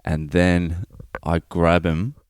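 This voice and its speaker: A man's voice: sits low, little pitch movement, takes it slowly, clear, resonant tone, no echo, clean studio sound. A man, a comedian hosting his own podcast, telling a profane comic story in a blunt, loose, conversational way. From Australia.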